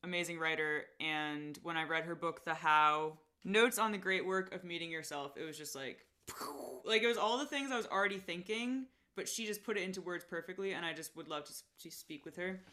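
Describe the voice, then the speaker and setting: Chatty young woman, bright voice. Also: lowish voice, fairly quick. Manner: chatty, lots of "like", laughs often. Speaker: podcast host as guest. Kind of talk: casual interview chat.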